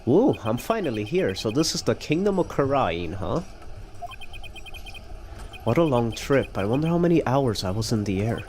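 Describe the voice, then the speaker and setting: A man voicing a calm adult male lawyer on a trip abroad, reading his lines in a dry, measured way. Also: medium pitch, slight background noise. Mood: wondering.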